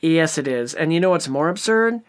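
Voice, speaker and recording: A podcast co-host giving casual movie commentary in a sarcastic, profane and animated way. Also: mid-range voice, brisk.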